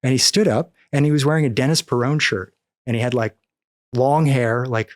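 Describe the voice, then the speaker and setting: A man's voice: medium pitch, fairly quick, no room sound. Middle-aged guy from the midwest telling a wild story on a podcast, acts out the voices, dry close sound. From American Midwest. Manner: animated storyteller, acts out quoted dialogue. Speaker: podcast guest, cannabis activist.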